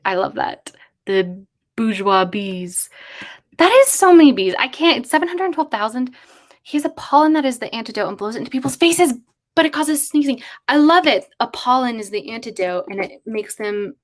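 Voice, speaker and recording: A young adult woman chatting casually on a livestream, thinking aloud in a musing, excitable way as she brainstorms. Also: fairly high pitch. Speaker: streamer.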